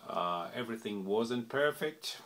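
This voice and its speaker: Man, lowish voice, slow and deliberate, unscripted explainer who stops often to think, faint noise behind him. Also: animated, a bit bright. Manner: unhurried, thinking aloud with many fillers. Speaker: language explainer.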